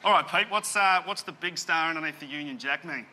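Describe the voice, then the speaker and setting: A man with an Australian accent answers a host's questions in a breezy, slightly high voice. He hesitates and drawls as he thinks. Studio noise hums around him. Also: a little fast. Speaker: game show contestant. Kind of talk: casual studio banter. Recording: noisy studio.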